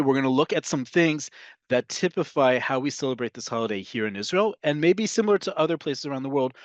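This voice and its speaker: A man with a North American accent gives a language lesson, patient and explanatory, and he often fills pauses with "um". His voice sits at a middle pitch. The recording is dry and a little dull. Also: dry recording. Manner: explanatory, patient, with frequent fillers. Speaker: Hebrew teacher.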